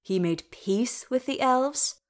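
A woman voicing a proud, stubborn wounded dwarf king who talks in a gruff, indignant way. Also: on the high side, expressive, slow pace, pitched above the performer's own voice.

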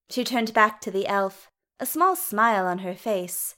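A woman narrating a story in an unhurried, even manner. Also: medium pitch. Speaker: reader. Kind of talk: storybook reading.

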